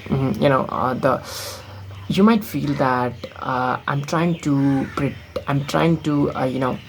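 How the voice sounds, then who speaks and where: This casual vlog features a young Nepali man speaking film-learned, American-tinged English, blunt and rambling with many fillers. His medium-pitched voice is slow with vocal fry, captured on a low-quality recording with a little hiss or hum.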